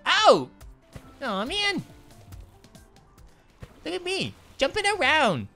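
A high-pitched woman reacting to a game as she plays, her voice leaping up and down with excitement. She giggles and apologizes to characters as she goes. Faint game music plays behind her. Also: slow pace. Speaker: gaming channel host. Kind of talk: let's play commentary.

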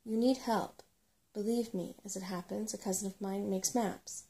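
A woman's voice: medium pitch, fairly even intonation, moderate pace, warm tone, lightly acted. Woman playing a fussy worried rat, whispered role-play. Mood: earnest. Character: fussy, worried female rat advising travellers.

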